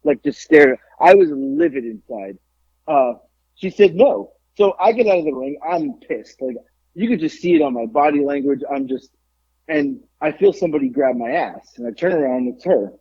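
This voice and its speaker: Dull lo-fi audio captures a pro wrestler on a podcast, swearing casually as he recounts a wrestling tale and animatedly voices the quotes of others. He speaks at a moderate pace in a gravelly, slightly rough voice that sits on the high side.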